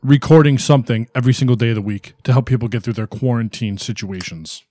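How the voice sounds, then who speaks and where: A man hosting a podcast in casual chat, dry and deadpan. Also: mid-range voice, quick pace, no room sound. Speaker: podcast host.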